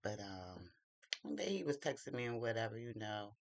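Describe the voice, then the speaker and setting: A man's voice: lowish voice, expressive, moderate pace, creaky, no echo. A man vlogging at home while doing his makeup, telling a dating story in a gossipy, confiding way. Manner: gossipy and confiding, drawls "child" often. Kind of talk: casual storytelling chat.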